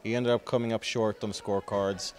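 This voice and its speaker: A man's voice: lowish voice, flat delivery, a little fast, a little mellow. A man interviewing a fighter in a gym, asking long, rambling, chatty questions. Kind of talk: casual sports interview. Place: sports gym.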